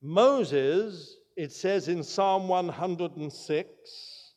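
A man preaching a sermon, telling stories with emphasis and slowing his words to stress key points. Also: high-pitched, darkish tone. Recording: long hall reverb.

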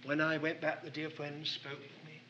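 A man's voice: fairly high pitch, monotone, moderate pace, sharp tone, dull audio. A man preaching a sermon, telling a personal story in an earnest, anecdotal way.

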